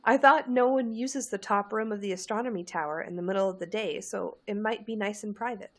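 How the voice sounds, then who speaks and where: A woman's voice: mid-range voice, a little fast, natural voice. A woman reading the lines of a frank, exasperated teenage witch recounting embarrassing events in a fan story. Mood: candid.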